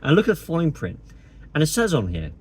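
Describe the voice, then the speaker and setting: A man's voice: fairly high pitch, wildly swooping pitch, fast, breathy edge. A man delivering a sarcastic, indignant opinion monologue to camera as a political vlogger.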